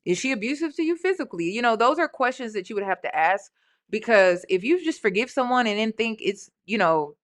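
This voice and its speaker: A woman hosts a reaction video and speaks straight to her viewers in a casual, conversational way. Her voice sits a little higher than average. Her remarks are blunt and skeptical. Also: a bit bright.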